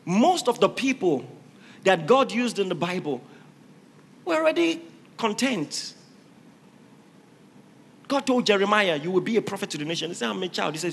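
Emphatic high-voiced male preacher. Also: sing-song, moderate pace, creaky, pauses often, slight background noise. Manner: emphatic, rising to shouted exhortations. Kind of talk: sermon. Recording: reverberant hall with faint ambience.

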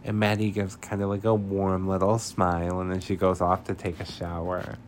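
A man's voice: low voice, level tone, normal speed, a little hiss or hum. A man hosting a podcast, recapping a film in chatty, slangy casual talk with lots of filler words. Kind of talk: casual chat.

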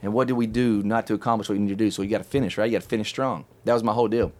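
A middle-aged man hosting a casual chat, telling a long story in an animated, chatty way and laughing often. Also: fairly low pitch, very fast. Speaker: podcast host telling a story.

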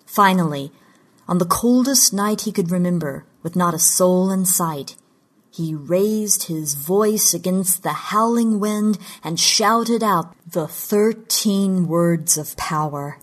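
Slow, husky woman narrator. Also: lowish voice. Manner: measured, deliberate storytelling. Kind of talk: scripted audiobook narration of fiction.

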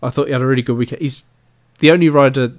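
A man's voice: mid-range voice, steady tone, racing. A man co-hosting a casual podcast, chatting and teasing his co-host in easygoing banter. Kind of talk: casual chat.

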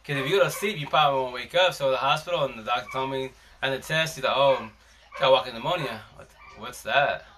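Male live-stream host, bright tense tone, slangy rambling storyteller. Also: mid-range voice, quick pace, slight background noise. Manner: rambling, slangy, frequent restarts. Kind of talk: casual storytelling chat.

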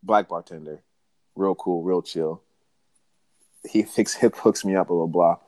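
A man telling a story in casual chat, animated and slangy, acting out what people said. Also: low-pitched, unhurried, no room sound. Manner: animated storyteller, slangy, acts out quoted dialogue.

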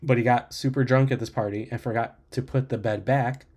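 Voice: medium pitch, steady tone, fairly quick, a little mellow, husky. Laid-back podcast co-host telling stories. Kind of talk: casual storytelling chat.

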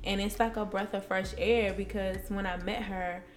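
A woman's voice: medium pitch, steady tone, moderate pace, slight background noise. Blunt, profane young woman podcaster. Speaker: podcast co-host. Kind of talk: casual chat.

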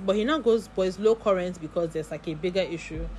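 A woman's voice: lowish voice, quick pace, a little mellow, slight background noise. A woman with a Nigerian accent, telling a long story in a casual vlog and full of asides and acted-out dialogue. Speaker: vlogger.

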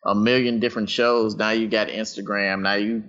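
A low-voiced man with a bright, forceful edge, rambling through a casual group call from home. His talk is loose and loaded with slang and swearing. The call audio is dull and lo-fi. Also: flat delivery, moderate pace. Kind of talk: casual profane group chat.

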